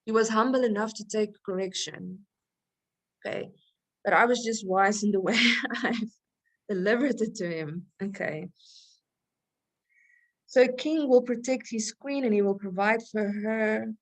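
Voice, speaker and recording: A woman's voice: medium pitch, measured pace, pauses often. Chatty woman teaching with rhetorical questions. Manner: conversational, laughs often, asks rhetorical questions and checks with "okay?". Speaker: Christian women's teacher. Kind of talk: teaching a recorded lesson.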